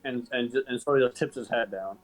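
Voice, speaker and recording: Halting man narrating a tabletop game. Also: mid-range voice, dry recording, soft background music, poor audio. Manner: halting, many restarts and repeats. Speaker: game master.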